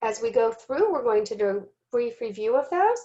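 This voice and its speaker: A woman giving a recorded teaching lesson, speaking slowly and deliberately and sounding out letters and syllables, sometimes correcting herself. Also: on the high side, big pitch swings, warm tone, muffled recording. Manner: self-corrects with "excuse me". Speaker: teacher trainer.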